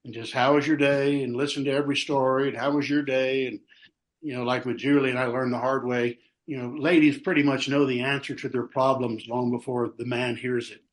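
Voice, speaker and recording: A man's voice: mid-range voice, flat delivery, a little fast. An older man in his sixties, a pastor from Texas, telling stories in a casual, folksy way and acting out what others said. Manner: folksy, acts out quotes with raised voice. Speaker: pastor, podcast guest. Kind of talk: casual chat, storytelling.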